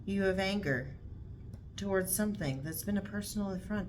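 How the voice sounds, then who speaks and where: A woman's voice: medium pitch, normal speed, background noise. A woman giving a casual tarot reading to camera, blunt and repetitive, swearing freely as she talks. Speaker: tarot reader.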